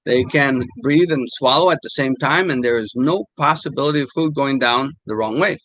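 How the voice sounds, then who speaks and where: An older man talks in a halting, unhurried way, stopping often with fillers as he reads passages aloud. His voice sits in an ordinary middle register. The recording is dry and close, with little room sound. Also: medium pitch, a bit bright, dry recording, poor audio. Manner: halting, many fillers and restarts. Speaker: language teacher. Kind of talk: casual talk reading quotes.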